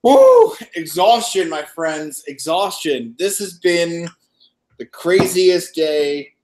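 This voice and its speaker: A man chats casually on a live stream, his voice sitting a bit high. He tells stories with energy and acts out each exchange himself. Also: slow pace. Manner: animated storyteller, acting out dialogue. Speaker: co-host. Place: wine shop after hours, dim lighting.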